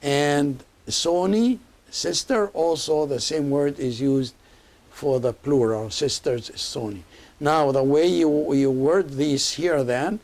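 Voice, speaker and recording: A man's voice: medium pitch, takes it slowly, darkish tone. A man teaching a language lesson, patient and repetitive, spelling out each sound.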